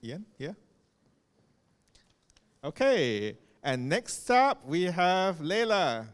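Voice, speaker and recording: A man's voice: fairly high pitch, big pitch swings, extremely slow, a little hiss or hum. A man presenting a student showcase, calling up the next performer. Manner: brief announcements. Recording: distant in echoing hall.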